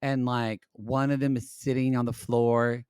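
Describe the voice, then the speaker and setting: A man co-hosting a podcast, recapping a reality show in casual chat with catty, expressive commentary and free swearing. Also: medium pitch, measured pace, clear, resonant tone, no echo. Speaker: podcast co-host.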